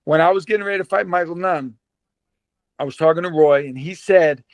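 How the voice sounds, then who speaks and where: Lively, high-voiced man telling boxing stories. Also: fairly quick, no room sound. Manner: animated storyteller, laughs often, repeats words. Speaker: guest, former pro boxer. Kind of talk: casual storytelling interview.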